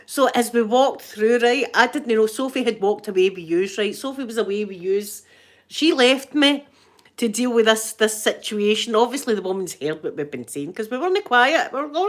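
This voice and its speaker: Scottish woman, host, casual storytelling, giggly and self-deprecating, a touch high-pitched. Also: animated, moderate pace. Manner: chatty, giggly, self-mocking, broad local slang. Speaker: ASMR channel host.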